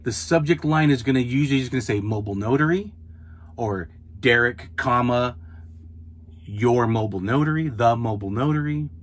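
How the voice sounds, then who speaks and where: A man's voice: medium pitch, moderate pace. A man hosting a podcast, giving casual, repetitive, coaching advice straight to his listeners as a mobile notary.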